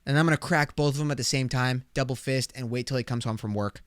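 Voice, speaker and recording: A man hosts his own podcast in a clean studio with no echo, his mid-range voice clear, resonant and fast. He chats casually and reacts to clips, swearing a lot and animatedly acting out exaggerated imagined conversations.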